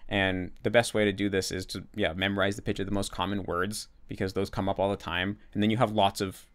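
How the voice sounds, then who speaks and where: A man's voice: low-pitched, flat delivery, a little fast. A man hosting a casual Q&A, explaining at length with many restarts and repeated words, and acting out his own thoughts as quoted asides. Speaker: language-learning channel host.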